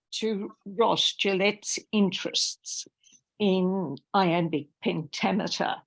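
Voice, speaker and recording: Slow, gravelly older woman poet. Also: medium pitch. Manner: measured, deliberate reading. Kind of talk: poetry reading with spoken introduction.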